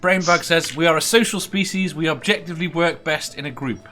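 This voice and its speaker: A man's voice: a little high, fairly quick, music in the background. A man hosting a casual quiz stream on a video call, reading out viewer comments and teasing his guests with a giggle.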